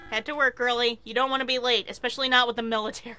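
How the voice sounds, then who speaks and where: A woman chatting casually while playing a video game, excitable and quick to swear and laugh. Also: on the high side, a little hiss or hum. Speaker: game streamer. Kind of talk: casual gameplay commentary.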